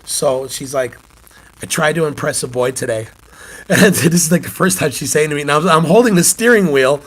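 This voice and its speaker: Chatty host in his forties, slightly high voice, rambling storyteller, coughing now and then. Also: brisk, slightly rough. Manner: chatty storyteller, laughs often. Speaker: channel host, sports-card collector and youth coach. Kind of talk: casual morning chat.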